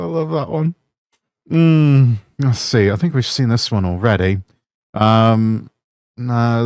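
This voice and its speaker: A man's voice: medium pitch, vocal fry, dry recording. A man hosting a show, casually commenting on old sitcom clips with fond, rambling asides. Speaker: host.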